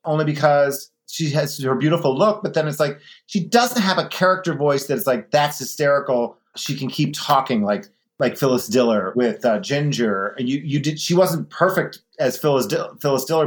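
A man being interviewed in a casual chat, an animated storyteller who slips into other people's voices now and then. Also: fairly high pitch. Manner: chatty, animated storyteller, mimics voices in anecdotes. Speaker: guest, drag performer.

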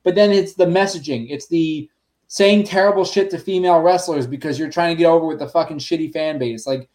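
A man's voice: fairly high pitch, fairly quick, a little mellow. A man on a podcast ranting bluntly, swearing often in casual chat.

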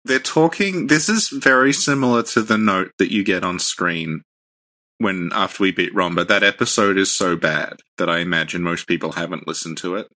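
A man co-hosting a casual game lore podcast, dry and deadpan. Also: low-pitched, normal speed. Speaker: podcast co-host.

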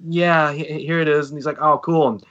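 A man's voice: a little high, fairly quick, lo-fi sound. A man in his thirties co-hosting a casual podcast, telling stories and acting out other people's lines. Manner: animated storyteller acting out quotes. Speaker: podcast co-host and band singer.

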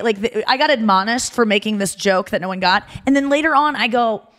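A woman's voice: fairly high pitch, fast talker, hardly any pauses, a bit bright. A woman co-hosting a podcast, chatting casually and telling stories with lots of "like" fillers. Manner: chatty storyteller, many "like" fillers. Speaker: podcast co-host. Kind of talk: casual chat.

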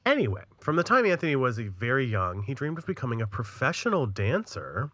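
Man, podcast co-host, casual joking chat, bright voice, dry close mic. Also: mid-range voice, huge pitch swings, brisk, dry recording. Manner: chatty, jokey, reads ad copy.

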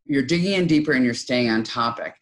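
A woman's voice: a bass voice, a little fast. Woman acting out sample dialogue. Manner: lively, acts out quoted dialogue in other voices. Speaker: author and guest giving advice. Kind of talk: conversational advice in an interview.

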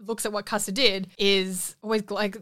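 Woman, podcast co-host, smooth resonant voice, laughs a lot, swears casually. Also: medium pitch, flat delivery, a bit bright. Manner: laughs often, swears, retells scenes with quick put-on quotes. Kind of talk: casual film recap chat.

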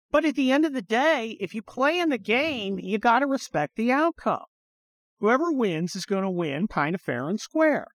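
Sitting in his car, a podcast host with a high voice rambles casually through blunt, profane opinions, packed with fillers. The recording is dry.

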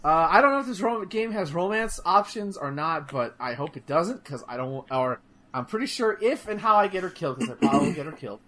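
A man streaming games, chatting casually in an animated, profane, rambling way with many restarts. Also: fairly high pitch, a little fast. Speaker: streamer discussing a game. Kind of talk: casual chat.

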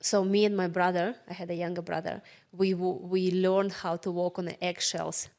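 A woman from Russia with a Russian accent, a guest earnestly recounting her childhood in measured English. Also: on the low side, level tone, a little mellow. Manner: earnest, measured, slight non-native grammar. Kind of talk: personal storytelling.

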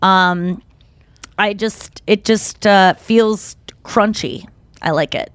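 A woman's voice: mid-range voice, slow pace, clear, resonant tone, no echo. A woman co-hosting a podcast in casual chat, talking frankly and rambling, full of "like" and swearing. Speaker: podcast co-host.

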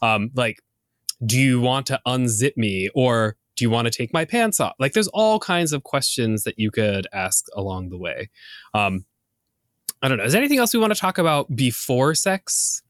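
A man's voice: mid-range voice, very animated, normal speed, a bit bright, no room sound, studio quality. A man co-hosting a podcast, chatting in a playful, nerdy, rambling way. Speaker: podcast co-host. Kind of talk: casual educational chat.

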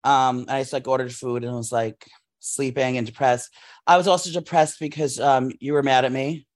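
A man's voice: mid-range voice, normal speed. A man in his thirties co-hosting a podcast, telling long rambling stories in casual chat with lots of fillers. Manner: rambling, animated storytelling with many fillers. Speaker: podcast co-host.

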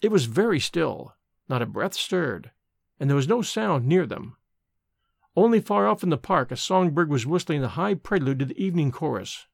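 A man's voice: a little high, sing-song, moderate pace, gravelly, dry recording, clean studio sound. A man narrating a gothic ghost story aloud, reading expressively and dramatically.

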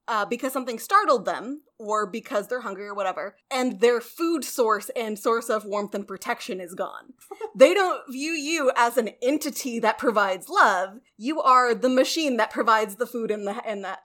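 A woman's voice: fairly high pitch, a bit bright. A woman co-hosting a podcast, explaining research in a casual, chatty way, swearing now and then and laughing easily. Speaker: podcast co-host.

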